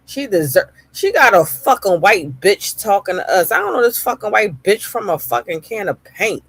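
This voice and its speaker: A woman's voice: mid-range voice, big pitch swings, moderate pace, a bit bright, slightly rough, no room sound. Heated, cursing woman streamer ranting. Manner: heated, profane ranting with repeated phrases. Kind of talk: live-stream reaction commentary.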